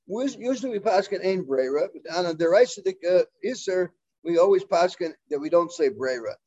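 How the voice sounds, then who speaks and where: High-voiced man teaching a Talmud class. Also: expressive, warm tone, muffled recording. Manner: halting, full of fillers and restarts, mixing Hebrew and Aramaic terms.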